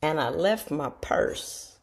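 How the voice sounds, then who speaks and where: A middle-aged woman, telling casual stories to her viewers in a chatty, self-mocking way and jumping into high voices when she quotes people. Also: lively intonation, slow pace, gravelly. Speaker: show host talking to viewers. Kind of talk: casual storytelling monologue.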